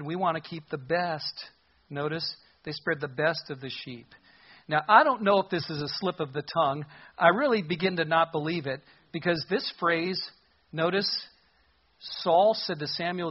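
A man's voice: a little high, breathy edge. A man preaching a conversational expository sermon, acting out the quoted lines as he goes. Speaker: pastor. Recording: muffled lo-fi sermon recording.

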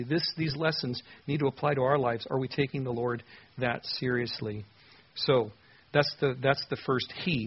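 A man's voice: medium pitch, breathy edge, muffled recording. A man teaching through Bible verses in a conversational, earnest way, with emphatic stresses.

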